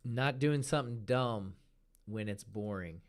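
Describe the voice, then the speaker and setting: A man's voice: mid-range voice, a little slow. A man hosting a live trading stream, talking casually as he walks through charts and often repeats a word for emphasis. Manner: relaxed, talks while pointing at charts, repeats words for emphasis.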